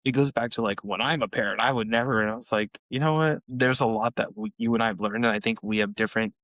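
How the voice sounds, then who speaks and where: A man's voice: steady tone, fast talker, vocal fry, fairly bright tone, dry recording, poor audio. A young man co-hosting a podcast, telling family stories in casual chat and acting out quoted lines. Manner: storytelling, acts out quotes in high voices. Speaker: podcast co-host.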